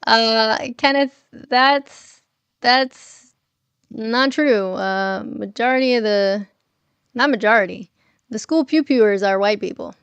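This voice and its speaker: A woman's voice: mid-range voice, unhurried, creaky, smooth, dry recording, lo-fi sound. A woman hosting a casual morning livestream from home, chatting with viewers and reading their messages aloud, laughing often. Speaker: livestream host.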